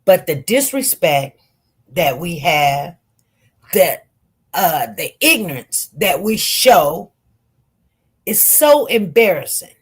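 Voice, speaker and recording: A woman with a Detroit accent telling her own story to viewers in an animated, emphatic way, often repeating her words. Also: lowish voice, takes it slowly, pauses often, husky. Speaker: live-stream commentator.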